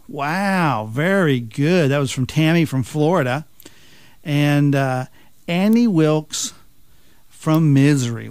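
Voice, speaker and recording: A man's voice: fairly high pitch, darkish tone, dry recording. A man hosting a talk radio countdown, chuckling and joking with mocking asides. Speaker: radio talk show host.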